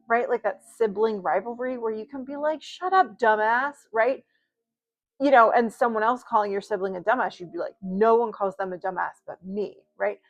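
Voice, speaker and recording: A woman giving a casual spoken tarot reading, chatty and rambling, with many fillers and asides. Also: medium pitch. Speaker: tarot reader.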